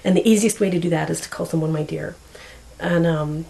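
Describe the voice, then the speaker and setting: A woman talks casually to camera. Her voice sits somewhat low and has a lot of gravelly fry. She rambles, fills pauses with ums and often searches for the right word. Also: a little mellow, poor audio. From Canada. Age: 40s. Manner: rambling, searching for words, many fillers. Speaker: vlogger.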